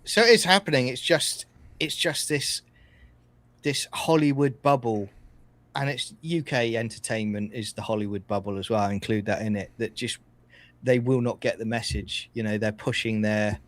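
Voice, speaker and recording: A man's voice: medium pitch, moderate pace, a bit bright, no room sound. A man from the UK, co-hosting a podcast and making his points earnestly with examples. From United Kingdom. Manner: earnest, opinionated, gives examples. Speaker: podcast co-host. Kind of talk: casual chat.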